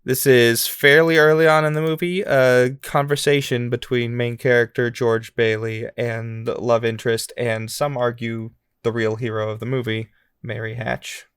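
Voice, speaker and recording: A man co-hosting a podcast game segment, relaxed and chatty, laughing easily. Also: medium pitch, moderate pace, smooth, no room sound, studio quality. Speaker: podcast co-host. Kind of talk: casual game-show chat.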